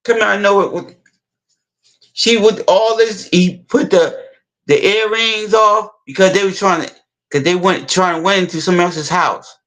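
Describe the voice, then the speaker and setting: A man's voice: high-pitched, fairly bright tone, low-quality recording. A man retelling a movie scene in a casual, rambling way, stopping and restarting his sentences often. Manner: rambling, halting, many restarts and repeats. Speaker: storyteller.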